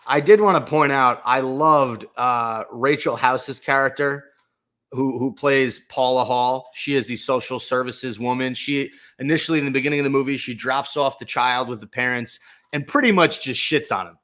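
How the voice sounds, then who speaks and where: Co-hosting a relaxed movie review show, a young man speaks at normal speed in a mid-range, fairly bright voice. He hesitates a lot, using many fillers and restarts, and turns to his co-host with questions.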